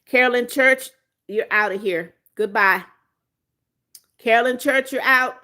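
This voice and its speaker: A woman's voice: on the high side, unhurried, sharp tone. Playful woman in her seventies. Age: 70s. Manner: playful, teasing, frequent laughs. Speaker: livestream host. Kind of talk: casual livestream chat, reading viewer comments aloud.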